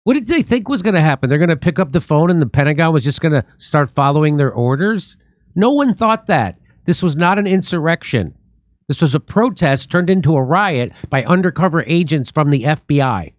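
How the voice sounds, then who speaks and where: A man's voice: on the high side, animated, brisk, dry recording, studio quality. A man hosting a political commentary talk show, ranting animatedly and mimicking friends in mocking voices. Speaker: comedian host.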